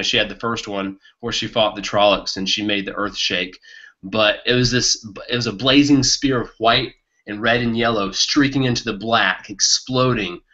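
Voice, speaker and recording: A man co-hosting a casual book podcast, talking with excitement and laughing often. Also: on the low side. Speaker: podcast co-host. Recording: muffled lo-fi podcast audio.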